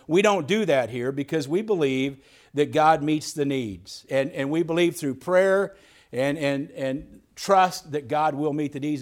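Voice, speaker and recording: Earnest male pastor preaching a sermon. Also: a little high. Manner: earnest, repeats words and restarts often.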